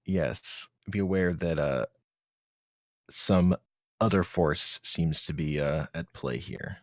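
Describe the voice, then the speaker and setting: A man playing a tabletop game, speaking in a deliberate, measured way. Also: low voice, no echo, clean studio sound. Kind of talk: in-character play.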